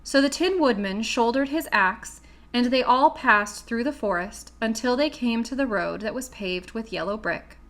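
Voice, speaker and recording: A woman narrating a classic children's book in a steady, clear reading voice. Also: on the high side, moderate pace. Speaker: audiobook reader. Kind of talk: storybook narration.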